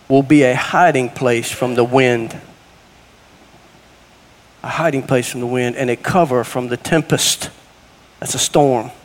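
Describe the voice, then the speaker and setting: A middle-aged man preaching a sermon in a church, folksy and conversational, with sudden rises in force. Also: mid-range voice. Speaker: guest preacher. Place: church sanctuary. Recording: long hall reverb.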